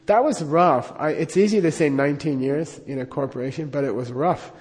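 A man's voice: on the high side, a little fast, darkish tone. Middle-aged guy telling a rambly story, chuckles a lot, echoey hall. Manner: rambling, chuckles often, many fillers. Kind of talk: personal anecdote.

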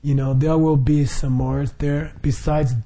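A man's voice: a little high, level tone, slow, mellow. A middle-aged man leading a Buddhist group, explaining the practice informally with frequent chuckles, fillers and restarts.

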